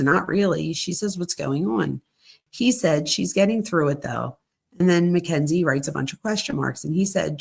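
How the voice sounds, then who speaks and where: Kobieta o skrzypiącym, niskim głosie. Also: female voice, lowish voice, creaky, husky. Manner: conversational, reads quoted messages plainly with asides. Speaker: true crime host. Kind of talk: reading text messages aloud with commentary.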